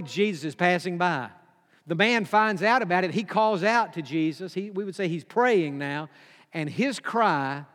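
Preacher, male, high-pitched, emphatic, sermon delivery in a reverberant hall. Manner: emphatic, repeats key phrases, drops to a hush for quoted whispers.

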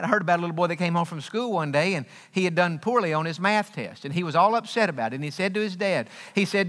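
A man preaching with a high, bright, ringing voice that carries through a big, echoing sanctuary. He hammers his points home through repetition and folksy asides. The long reverb trails after each phrase. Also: animated, moderate pace. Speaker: pastor. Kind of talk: sermon. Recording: long reverb of a large hall.

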